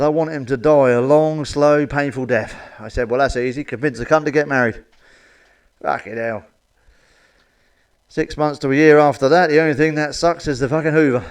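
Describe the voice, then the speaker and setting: A middle-aged man reels off blunt, filthy one-liners, swearing freely. His voice sits at an ordinary middle pitch, and he chuckles at his own jokes. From England. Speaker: comedian. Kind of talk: stand-up joke telling to camera.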